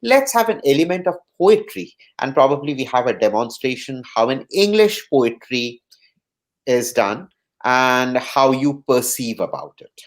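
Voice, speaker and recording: An interview host who steers the conversation, pausing to search for words. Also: medium pitch, big pitch swings.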